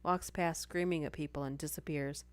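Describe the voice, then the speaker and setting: Low-voiced woman reading stories live. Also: steady tone, moderate pace, no echo. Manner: reads aloud, breaking off for chatty asides and apologies. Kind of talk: casual live-stream story reading.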